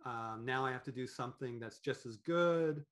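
A man talking as a podcast guest in an animated, rambling way, with many fillers and restarts. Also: mid-range voice, moderate pace. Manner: animated, acts out quoted thoughts in voices. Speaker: podcast guest, business owner. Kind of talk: conversational interview.

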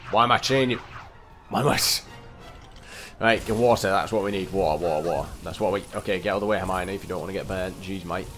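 Young male let's-player, lowish voice, chatty and excitable, faint music underneath. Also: fast. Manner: excitable, rambling, talks to the game characters. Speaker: gameplay commentator. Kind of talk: casual let's-play commentary.

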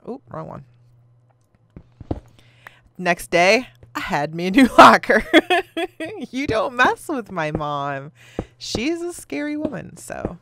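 A woman's voice: medium pitch, very animated, slow, gravelly, long pauses, fairly bright tone, a little hiss or hum. A woman in her thirties, a gaming video host, chatting casually and telling rambling stories while she plays, laughing often. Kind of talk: casual chat while playing a game.

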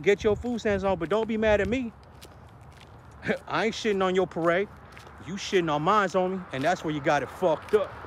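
A man ranting in a casual street vlog, heavy on slang and profanity, recorded outdoors on a city street. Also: high-pitched. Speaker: vlogger. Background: traffic and street noise.

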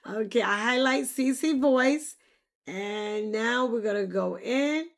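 A woman demonstrating software in a casual tutorial, bubbly and quick to exclaim. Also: fairly high pitch. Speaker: content creator demonstrating software. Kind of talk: casual screen-recorded tutorial.

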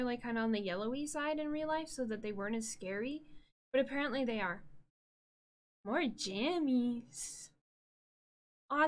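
A woman streamer chatting casually on a live stream from a room at home, bubbly and easily distracted, breaking into excited squeals. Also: a little high. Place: home room with green screen.

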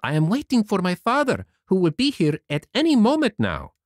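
Naive wooden puppet boy in a storybook, a man voicing him, very high and breathless, swooping all over. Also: huge pitch swings, a little fast, no echo, studio quality. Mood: chatty.

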